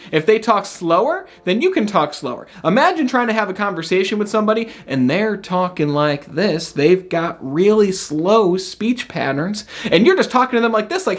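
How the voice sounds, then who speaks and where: A man giving an energetic, conversational self-help lesson, often checking in with the listener by asking "right?". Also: sits high. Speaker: motivational speaker.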